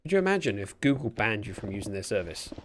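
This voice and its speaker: Animated man chatting on a game stream. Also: on the low side, fast talker, slight background noise. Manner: chatty, rambling, reacts to viewer chat. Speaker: livestreamer. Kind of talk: casual gaming livestream chat. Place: room at home by a window.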